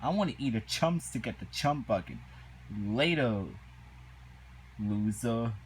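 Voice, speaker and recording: A man's voice: mid-range voice, animated, measured pace, a little hiss or hum, natural voice. A man doing a raised voice for a rude, dismissive male fish customer from a cartoon. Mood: scornful. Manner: blunt and scornful.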